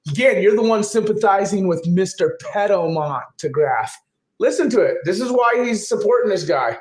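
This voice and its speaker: Man ranting, profane, accusing, high voice, echoey room, faint hiss. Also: lively intonation, normal speed, a little mellow. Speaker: channel host. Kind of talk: ranting commentary.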